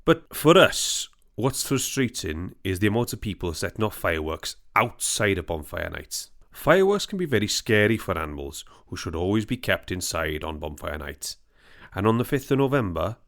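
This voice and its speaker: A man voicing a steady, earnest middle-aged Welsh firefighter who explains fire safety. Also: deep voice, moderate pace, heavily acted. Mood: instructive. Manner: earnest, instructive.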